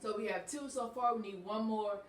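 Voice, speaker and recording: A woman's voice: a little high, fairly quick, a little hiss or hum. A woman teacher taking a class through a grammar lesson, patient and repeating each point step by step. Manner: patient, explains step by step with repetition. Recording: echoey room, voice from a distance.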